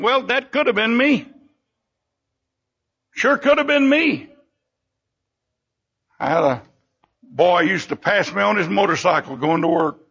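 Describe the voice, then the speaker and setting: An older man preaching a sermon with fervent emphasis, his voice leaping up and sinking low between phrases. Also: vocal fry, pushed and bright, slightly rough. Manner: fervent preaching, sudden rises and drops in pitch and volume. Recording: dull lo-fi recording.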